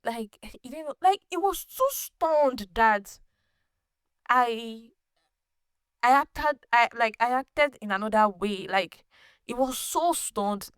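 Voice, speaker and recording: A woman hosting her own podcast, telling a personal story in a casual, animated way, laughing often and restarting sentences. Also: fairly high pitch, slow, clear, resonant tone, no echo, clean studio sound. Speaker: podcast host.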